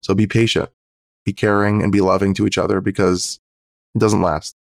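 A man's voice: deep voice, level tone, moderate pace, gravelly, no echo, studio quality. A man on a podcast giving earnest, practical relationship advice as a therapist guest.

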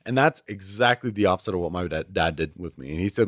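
A man in his late twenties tells stories at length in a loose, casual way, often restarting his sentences. His voice sits fairly low, and the close mic sounds dry and intimate. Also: quick pace, hardly any pauses, a bit bright, dry recording. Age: 20s. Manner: rambling storyteller with frequent restarts. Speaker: podcast guest. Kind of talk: casual chat.

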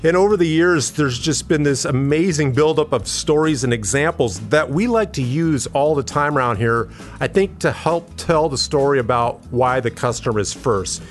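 A man hosting a podcast in a relaxed, friendly way, laughing lightly as he talks. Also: mid-range voice, moderate pace, faint music behind. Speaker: podcast host.

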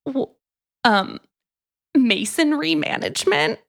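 A woman's voice: high voice, big pitch swings, slow pace, vocal fry, fairly bright tone. A woman co-hosting a podcast, retelling a book's plot in casual chat, full of "like". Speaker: podcast co-host. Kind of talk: casual book-review chat.

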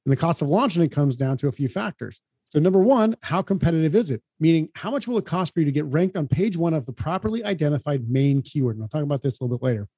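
A man co-hosting a podcast, giving upbeat, brisk advice in casual explanatory talk. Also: on the high side, lively intonation, warm tone, breathy edge, no echo, studio quality. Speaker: podcast co-host.

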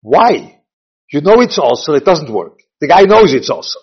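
Older rabbi lecturing, husky and lo-fi. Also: male voice, on the high side, sing-song, normal speed. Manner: rambling, repeats phrases, mixes Hebrew and Yiddish terms. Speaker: rabbi teaching a class. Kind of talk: informal Torah lecture. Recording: dull lo-fi recording.

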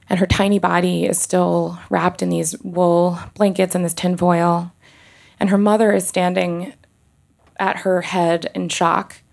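A woman doctor telling a personal story on stage, halting and emotional, with many restarts and pauses. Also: on the low side, vocal fry, darkish tone.

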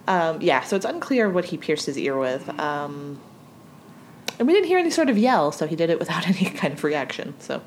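Female podcast co-host, lower voice, laughs often, faint background hiss. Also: big pitch swings, a little fast. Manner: giggly, easygoing. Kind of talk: casual recap chat.

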